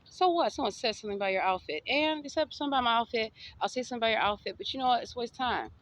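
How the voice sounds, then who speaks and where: A woman's voice: fairly high pitch, animated, racing, a bit bright, low-quality recording. A woman from the States, giving a sassy, defiant, preachy motivational monologue. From Southern United States. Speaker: vlogger.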